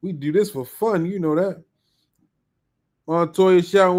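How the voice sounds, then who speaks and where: A man's voice: high-pitched, a little slow, a little mellow. A man hosting a live podcast in casual chat, upbeat and slangy as he greets viewers by name. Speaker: podcast host.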